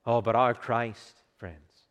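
A man preaching a sermon with passion, dropping to a hush for quoted words and rising for emphasis. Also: medium pitch, steady tone, takes it slowly, smooth, dull audio. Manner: impassioned preaching, hushed quotes, swelling emphasis. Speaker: pastor. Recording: long hall reverb.

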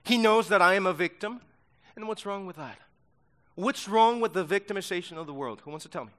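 A man's voice: high voice, brisk, fairly bright tone. A man teaching a sermon-style Bible lesson to young people, emphatic and insistent, repeating key words for force.

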